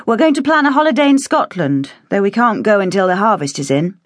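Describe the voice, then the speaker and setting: An earnest, loyal young farm woman voiced by a female narrator in an audiobook. She speaks with a lively pitch. The recording is dry and close. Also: brisk, no room sound, lightly acted.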